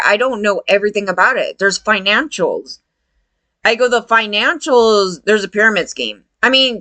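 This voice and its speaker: Chatty woman with a bright voice. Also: medium pitch, no echo. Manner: rambling, animated, laughs often, quotes people in voices. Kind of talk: casual rambling commentary.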